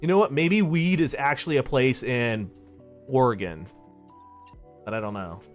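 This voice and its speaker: A man's voice: mid-range voice, normal speed. A man chatting casually on a live stream while playing a game, rambling, thinking aloud and swearing freely. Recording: clear music playing behind.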